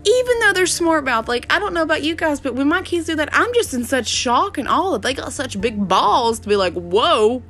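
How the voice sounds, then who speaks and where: A woman's voice: high-pitched, sing-song, fairly quick, few pauses, bright, forceful tone, soft background music. A woman, chatting and laughing as she rambles through stories about her children. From West Virginia. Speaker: mother telling family stories. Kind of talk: casual storytelling to viewers.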